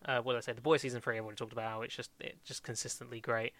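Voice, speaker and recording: A man's voice: medium pitch, little pitch movement, very fast, fairly bright tone, no echo. A young man chatting casually about TV shows as a podcast co-host, rambling with lots of fillers, restarts and laughs. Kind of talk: casual chat reviewing TV shows.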